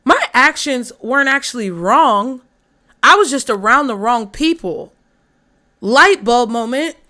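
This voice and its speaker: A woman tarot reader with a bright, fairly high voice. She talks straight to camera in a blunt, profane and animated way. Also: a little slow. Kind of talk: casual tarot reading to camera.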